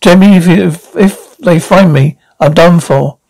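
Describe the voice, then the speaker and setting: A man's voice: a little high, a little slow, creaky, darkish tone, dry recording, poor audio. A man voicing a nervous young man on the run, stammering and anxious.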